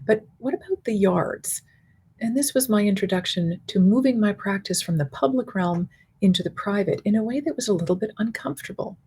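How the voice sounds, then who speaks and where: A middle-aged woman and university professor giving a conference keynote lecture, articulate and measured, building her points in spoken lists. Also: medium pitch, darkish tone, breathy edge.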